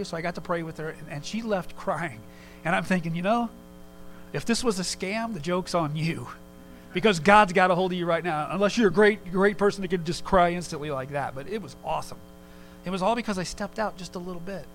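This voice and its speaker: A man preaching a sermon in a relaxed, conversational way, telling a personal story with quick asides. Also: high-pitched, a little hiss or hum, rough recording. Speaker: pastor.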